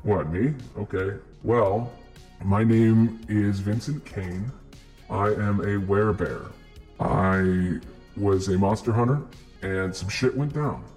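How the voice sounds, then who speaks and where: A man's voice: on the low side, slow, darkish tone, soft background music. A man playing a blunt, violent male werebear who used to hunt monsters, and who boasts about his kills. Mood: gleefully blunt.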